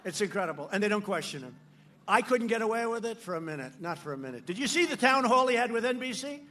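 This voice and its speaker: A man giving a campaign rally speech at a podium microphone, mocking and repetitive, shouting lines out to the crowd. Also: high voice, sing-song, fast. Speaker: politician addressing a rally crowd. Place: large outdoor rally.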